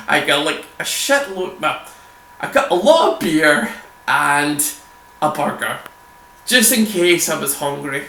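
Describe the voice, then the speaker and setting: A man's voice: on the high side, animated, measured pace, bright, forceful tone. A man talking casually over his gameplay, rambling and swearing, laughing often as he chats. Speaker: gameplay video host. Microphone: desk microphone. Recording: echoey room with faint hum.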